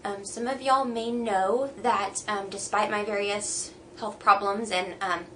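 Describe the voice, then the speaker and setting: A young woman talks casually to camera, slightly out of breath and halting, with many pauses and fillers. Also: mid-range voice, steady tone, fairly bright tone, slight background noise. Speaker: vlogger.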